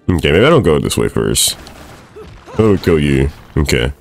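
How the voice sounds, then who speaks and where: A young man with a very low voice that still leaps around a lot as he reacts to his game. He talks fast and swears freely, sounding excitable and easily annoyed. Game music plays faintly behind him. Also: gravelly. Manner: excitable, swears and laughs often, talks to the screen. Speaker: gaming streamer. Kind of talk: let's play commentary.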